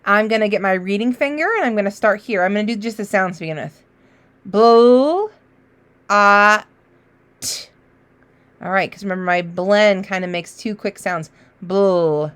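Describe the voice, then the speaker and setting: A woman teacher giving a children's phonics lesson, encouraging and sounding out letters slowly. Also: medium pitch.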